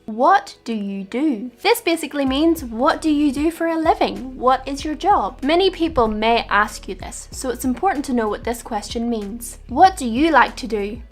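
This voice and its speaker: Clear, patient woman teaching English phrases. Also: high-pitched, lively intonation, moderate pace, hardly any pauses. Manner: clear, patient, acts out example dialogues. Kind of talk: scripted lesson narration. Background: soft background music.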